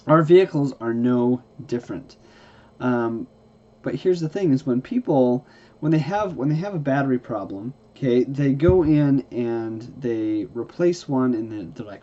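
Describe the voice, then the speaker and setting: Man, casual repair lesson, folksy and tired, mellow voice, slightly dull recording. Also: medium pitch, expressive, a little slow. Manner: folksy, repeats "okay?" often, restarts phrases. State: tired, yawning. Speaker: hybrid car repair instructor.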